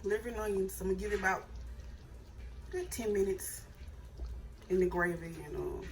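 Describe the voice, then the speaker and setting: A woman's voice: mid-range voice, moderate pace. Chatty woman cooking in a noisy kitchen. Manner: chatty, keeps addressing viewers as y'all. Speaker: home cook vlogger. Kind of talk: casual cooking vlog. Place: home kitchen with frying on the stove. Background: sizzling pan and running tap.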